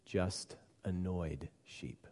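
A man voicing a kind, wise male sheep in a children's story, read quietly and calmly. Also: sits low, extremely slow, long reverb tail, voice pushed down, heavily acted. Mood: gentle. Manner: quiet, calm storybook reading. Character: gentle wise male sheep, patient teacher.

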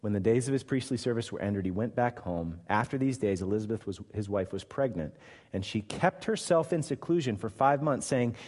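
A man preaching a sermon, acting out the Bible's dialogue with bursts of loud emphasis. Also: fairly low pitch, brisk. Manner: animated, acts out scripture dialogue with sudden loud emphasis. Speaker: pastor. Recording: long hall reverb.

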